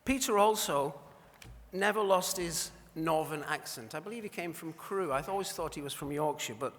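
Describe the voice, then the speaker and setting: A man's voice: a little high, moderate pace, fairly bright tone. A man presenting an award at a dinner, telling wry anecdotes in an after-dinner speech, recorded in a large banquet hall. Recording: reverberant hall.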